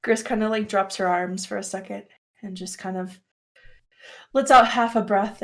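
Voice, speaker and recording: A woman's voice: medium pitch, fairly even intonation, moderate pace, long pauses, fairly bright tone. A woman playing a tabletop role-playing game, describing her character casually with lots of fillers. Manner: chatty, lots of "kinda, like". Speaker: player.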